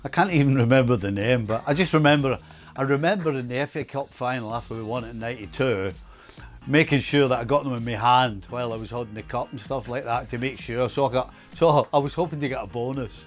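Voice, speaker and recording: A man's voice: mid-range voice, quick pace, soft background music. Wry grumbling middle-aged man. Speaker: football pundit, former player. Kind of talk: casual studio chat.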